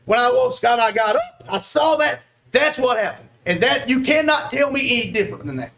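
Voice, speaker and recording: A man delivering a heated wrestling promo, shouting, taunting and insulting his rival. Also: very high-pitched, animated, brisk, vocal fry. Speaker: wrestler trash-talking in an interview.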